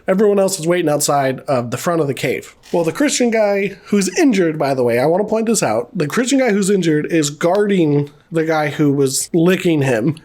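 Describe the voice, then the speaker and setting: A man with a fairly high voice gives a loose, casual recap of a film. He rambles and jokes as he goes and swears freely. It sounds like an offhand chat with a friend, not a scripted review. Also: darkish tone. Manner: rambling, profane, jokey storytelling. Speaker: movie reviewer.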